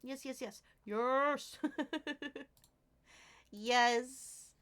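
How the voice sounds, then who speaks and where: A woman's voice: high voice, drawn-out words, fairly bright tone. A woman streamer chatting casually with her live viewers, giggling often and thanking them by name.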